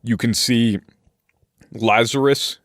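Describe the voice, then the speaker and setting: A man running a tabletop game as game master, narrating slowly with fillers and restarts. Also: medium pitch, steady tone, dry recording, clean studio sound. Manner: slow, hesitant narration with many fillers.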